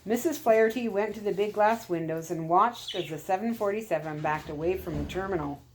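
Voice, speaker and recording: A woman storyteller reading chapters of a storybook aloud in a calm, steady way. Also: mid-range voice, a little fast, a little hiss or hum.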